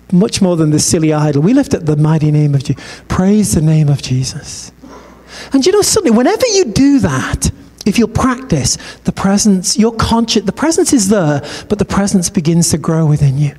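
A man preaching a sermon, telling a story in a conversational, animated way and acting out the dialogue. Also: high-pitched, moderate pace. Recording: long hall reverb.

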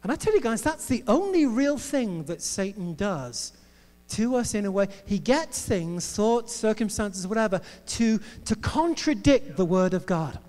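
A male preacher delivers his sermon in a playful, joking way. His voice sits very high, and the sound comes with a long reverb from a large hall. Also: very animated, measured pace, darkish tone. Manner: playful, jokey storytelling.

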